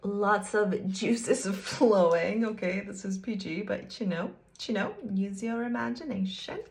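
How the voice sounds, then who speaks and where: A woman's voice: medium pitch, measured pace, gravelly, slight background noise. A woman giving a casual tarot card reading, chatty and playful, talking straight to the viewer with frequent giggles. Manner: speaks directly to the viewer, teasing. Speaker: tarot reader.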